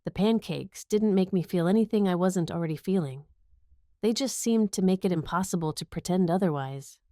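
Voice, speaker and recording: A woman's voice: fairly low pitch, normal speed, mellow, no echo, clean studio sound, close to an everyday voice. A woman voicing a wry, playful young man in a romantic comedy audiobook. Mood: soft serious. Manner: playful, teasing.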